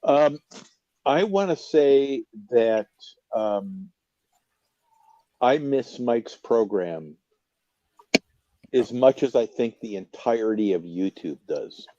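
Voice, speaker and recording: A man's voice: mid-range voice, animated, takes it slowly, long pauses, mellow, highs cut off. A man guesting on a casual livestream chat, earnest and emphatic, often repeating himself.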